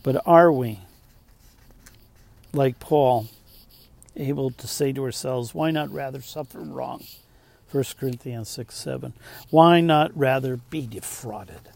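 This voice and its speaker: A pastor preaching a sermon, rising to emphatic points and dropping to soft, slowed asides. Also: male voice, medium pitch, creaky, no room sound.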